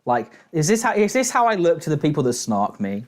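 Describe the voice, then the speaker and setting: A man's voice: a little high, huge pitch swings, brisk. A British man reacting to a clip with mocking, profane, rambling commentary and frequent laughter. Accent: British English.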